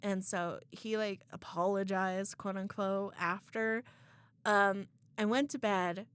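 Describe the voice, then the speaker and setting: Young woman co-host, mid-pitched, dry mic, tells a breakup story frankly. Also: steady tone, slow, a bit bright, clean tone, no echo. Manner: candid, emotional retelling with quoted dialogue. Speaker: podcast co-host. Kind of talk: casual chat, storytelling.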